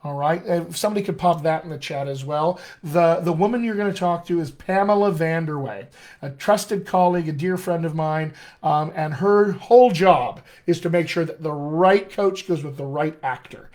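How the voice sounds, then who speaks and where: A male dialect coach with a General American accent, lightly tinged by his Colorado roots, speaking in a fairly high voice. He runs a chatty live-stream Q&A, upbeat and encouraging, often calling listeners his friends and stumbling through fillers and restarts. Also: moderate pace, a little mellow. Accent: General American with a slight Colorado tinge. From Colorado, USA.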